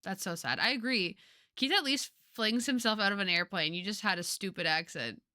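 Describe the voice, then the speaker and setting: A woman streamer chatting casually over a game, excitable and laughing often as she reacts. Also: medium pitch, fairly quick, no room sound, clean studio sound. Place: home streaming setup.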